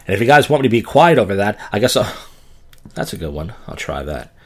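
Low-voiced man rambling casually. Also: big pitch swings, fairly quick. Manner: loose, crude, self-deprecating storytelling. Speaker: podcast host.

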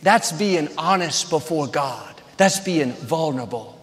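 A man's voice: on the high side, lively intonation, unhurried, fairly bright tone, long reverb tail. A man preaching a sermon as a pastor, earnest and building to emphatic peaks.

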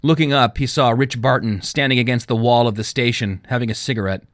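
A man narrating a novel as an audiobook, with expressive storytelling. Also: mid-range voice, brisk, dry recording, clean studio sound. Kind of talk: scripted narration.

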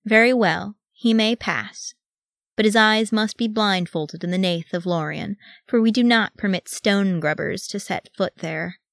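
A woman voicing a stern, haughty male elf guard who speaks in a slow, measured, cold way, recorded dry. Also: medium pitch, vocal fry, dry recording, pitched above the performer's own voice.

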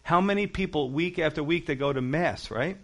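A man's voice: a little high, a little fast, breathy edge. A male pastor teaching a sermon, explaining the text verse by verse with emphatic rhetorical questions. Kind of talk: expository sermon.

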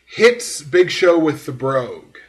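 A man's voice: a little high, very animated, slow pace. A man hosting a podcast, giving a rambling, filler-heavy breakdown in casual chat. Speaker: podcast host.

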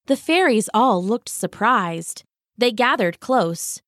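A woman narrating a storybook tale in a gentle, expressive way. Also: on the high side, slow pace, dry recording, clean studio sound.

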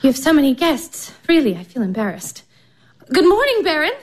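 A flustered, self-conscious young woman, nervous and fluttery. Her voice is high and jumps around. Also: very animated, fairly quick.

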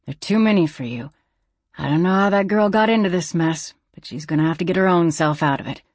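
A narrator voicing a tough, practical young woman in a storybook, speaking in a low, quick murmur. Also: dry recording, close to an everyday voice. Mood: blunt.

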